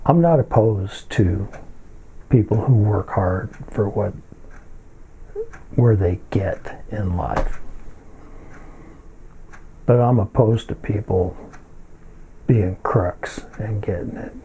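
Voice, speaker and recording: An older man telling a story in a casual monologue, halting and rambling with many filler pauses. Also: lowish voice, dark tone, slight background noise, poor audio.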